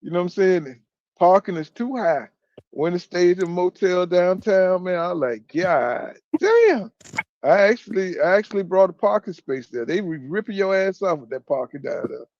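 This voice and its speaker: A man from Florida co-hosting a casual boxing podcast chat, telling animated stories, mimicking people and swearing freely. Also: sits high, moderate pace, highs cut off.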